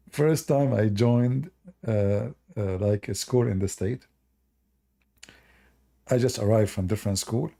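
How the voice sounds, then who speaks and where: A man casually telling anecdotes as host, chuckling often and phrasing things loosely like a non-native speaker. His voice is gravelly and husky, with a dark, mellow tone. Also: on the low side, slow, long pauses.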